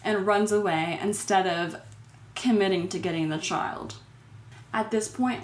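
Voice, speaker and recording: A woman's voice: mid-range voice, a little slow, roomy sound, raised voice, slight background noise. A woman casually recapping a horror movie, with exasperated, sarcastic commentary on the characters.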